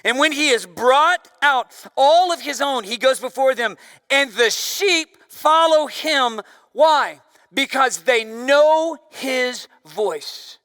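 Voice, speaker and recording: A man preaching a sermon as pastor, with a loud voice that swings from forceful emphasis down to near-whispers. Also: very high voice, expressive, slow, clear, resonant tone, dry recording, studio quality, long reverb tail.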